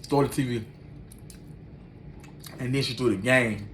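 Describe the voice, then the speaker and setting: Guy telling a story to camera, slangy and animated, acts out all the lines, average pitch. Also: unhurried, slight background noise. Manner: animated, acts out every line of dialogue; slangy, loose street talk. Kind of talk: casual personal storytelling.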